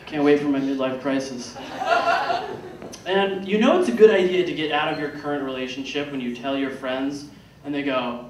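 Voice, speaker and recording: A man in his thirties performing a self-deprecating stand-up set, acting out what other people say to him. His voice sits a bit high. He is picked up from a distance in an echoey theater with loud background noise. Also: normal speed. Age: 30s. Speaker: stand-up comedian. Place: comedy theater stage.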